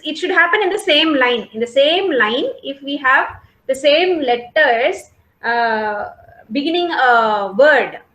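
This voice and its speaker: A high-pitched woman teaches a college literature class over a video call. She explains slowly and patiently, repeats her points and keeps checking whether students follow. The sound is roomy, with a noticeable echo. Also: fairly bright tone. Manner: explains patiently, repeats points, asks "okay?" and "got it?" often. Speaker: college English lecturer. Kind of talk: online class lecture.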